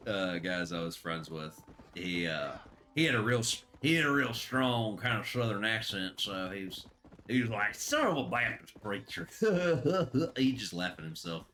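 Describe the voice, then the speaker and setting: A man's voice: fairly low pitch, normal speed, pushed and bright. A man casually commenting while streaming a western video game; he is chatty and rambling and laughs often.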